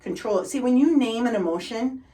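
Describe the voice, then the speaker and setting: A middle-aged Boston woman with a strong local accent is a guest in a conversation, telling upbeat stories with energy and relentless positivity. Her voice is on the high side and a little fast, and the rough recording places her far from the mic.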